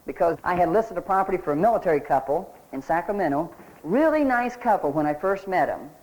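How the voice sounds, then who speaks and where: A man's voice: high-pitched, animated, a little fast, a little mellow, a little hiss or hum, poor audio. A man teaching a real estate sales seminar, telling folksy anecdotes and asking his listeners questions as he goes. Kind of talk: recorded seminar lecture.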